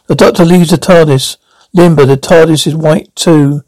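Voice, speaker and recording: Male narrator, high pitch, dry close sound, plain sci-fi read-through. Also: fairly even intonation, normal speed, darkish tone, no echo, low-quality recording. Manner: plain descriptive read-through, reading all the parts himself. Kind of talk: narrating and reading out a science-fiction episode.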